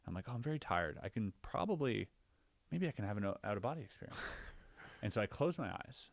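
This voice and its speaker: Animated man telling a wild story. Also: fast talker, gravelly, no echo. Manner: animated storyteller, rising pitch when reliving scary moments. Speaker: podcast co-host. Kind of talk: casual storytelling chat.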